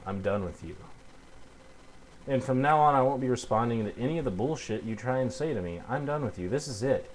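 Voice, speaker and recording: A man's voice: mid-range voice, lively intonation, a little fast, slight background noise, rough recording. A young man delivering an angry, heated rebuttal rant into a webcam at home, cursing and stumbling over fillers. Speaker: video blogger.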